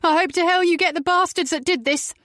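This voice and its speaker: A woman's voice: very high voice, fairly quick, fairly bright tone, no echo, studio quality, pitched above the performer's own voice. A woman voicing a whining, foul-mouthed middle-aged mother who snaps at the police. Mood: snapping.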